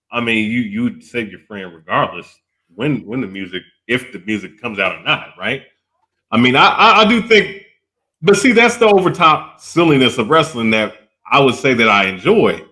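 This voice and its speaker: A man's voice: mid-range voice, very animated, moderate pace, pushed and bright. A man co-hosting a casual wrestling debate, talking in loose, self-correcting sentences and often asking "you know what I'm saying?".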